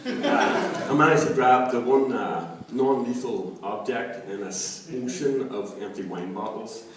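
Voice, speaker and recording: A young man from Donegal with an Irish accent, performing a stand-up comedy set in a halting style full of fillers. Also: mid-range voice. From Ireland. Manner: halting delivery with many fillers, shouting acted quotes. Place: comedy club stage. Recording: echoey room, distant mic, noisy. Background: audience laughter.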